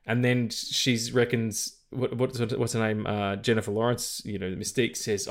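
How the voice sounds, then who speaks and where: A man chats loosely on a film podcast, tripping over fillers and restarts as he goes. He swears freely and talks at an ordinary mid pitch. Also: normal speed, few pauses. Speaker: podcast co-host. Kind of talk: casual film chat.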